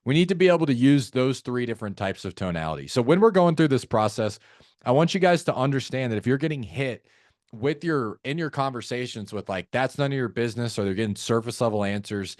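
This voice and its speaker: A man coaching a live audience on sales calls, energetic and acting out both sides of calls in shifting tones. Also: medium pitch, a little fast, no room sound, clean studio sound.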